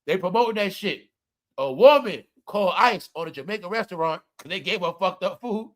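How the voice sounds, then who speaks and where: A man's voice: high voice, lively intonation, brisk, a bit bright. A man ranting comedically and profanely to his viewers, calling them y'all and preaching his point. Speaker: commentary vlogger.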